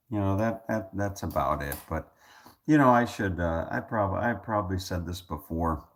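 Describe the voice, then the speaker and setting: A man talking casually to his viewers in a rambling monologue, with many restarts, repeated words and joking asides. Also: low voice. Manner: joking, self-amused asides. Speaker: vlogger.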